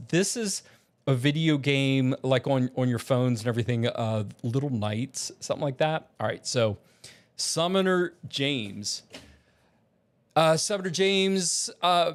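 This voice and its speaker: A man talking in a casual vlog as an aspiring voice actor, rambling and self-deprecating with many restarts. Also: medium pitch.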